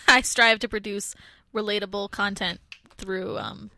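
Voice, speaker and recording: A woman's voice: medium pitch, measured pace, vocal fry, sharp tone, no echo, clean studio sound. A young woman co-hosting a radio show, chatty and giggly, gushing about her life. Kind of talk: casual on-air banter. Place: radio studio. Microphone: studio mic.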